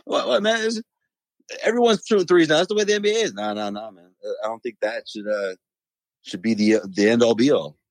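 A man on a podcast, joking and animated, with a mid-pitched voice and the odd curse word. He sits close to the mic in a dry, dead-sounding space. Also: a little fast, no room sound. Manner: animated, jokes and slips into mock voices, swears. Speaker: podcast co-host. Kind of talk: casual sports chat.

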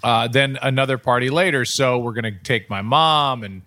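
A middle-aged man hosting a podcast, telling stories in an animated, casual way. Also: medium pitch, moderate pace. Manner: animated storytelling, acts out quotes. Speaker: podcast host. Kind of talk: casual chat.

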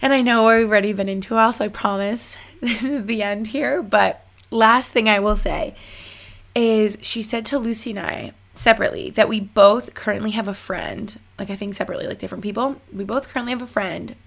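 A woman's voice: mid-range voice, fairly quick, creaky, a bit bright. A young woman telling a story to her viewers in a chatty way, full of "like" and acted-out bits of conversation. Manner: chatty, fillers of "like", re-enacts conversations. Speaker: vlogger. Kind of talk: casual storytelling to camera.

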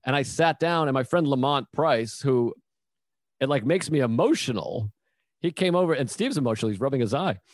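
A man hosting a casual comedy chat, telling stories with animated quoted voices. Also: mid-range voice, brisk, no echo, clean studio sound. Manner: animated storyteller, acts out quotes. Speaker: comedian host.

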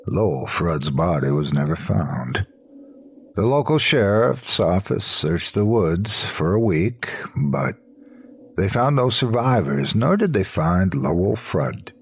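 A man narrating a scripted horror story in a slow, low, hushed storytelling manner. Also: sing-song, husky.

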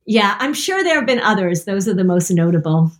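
A woman's voice: mid-range voice, big pitch swings, brisk. A woman guest on a podcast, telling embarrassing stories about herself with plenty of laughter. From New England, United States. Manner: self-deprecating storyteller, laughs a lot. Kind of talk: casual podcast chat.

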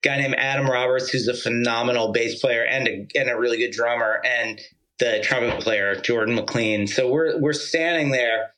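This Georgia man is a guest musician spinning an animated, meandering tale, dropping "like" constantly and cursing casually. He speaks at a normal speed with a medium pitch, and the recording sounds rough.

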